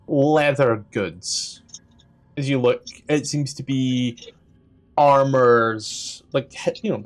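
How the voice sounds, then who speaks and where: A man running a tabletop game as dungeon master, describing scenes in a halting way with lots of fillers. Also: mid-range voice. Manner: halting description full of "like" and "kinda".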